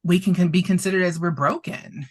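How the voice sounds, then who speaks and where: A woman with a fairly low, brisk voice speaks as a guest therapist. She tells an animated story in conversation, expressive throughout, laughing often and getting emotional.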